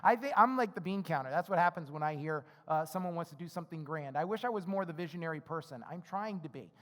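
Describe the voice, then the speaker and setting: A male pastor with a notably high voice delivers a casual, conversational sermon. He keeps acting out the characters' lines and asking "right?" as he goes. His voice rings with a long reverb from a large hall. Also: expressive, fast, a bit bright. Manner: conversational, acts out the characters' dialogue; frequent tag questions "right?".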